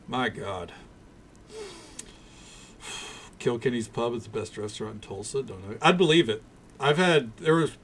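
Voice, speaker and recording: A man streams a game and chats casually, ranting bluntly with frequent swearing. His voice is medium in pitch with a fairly bright tone.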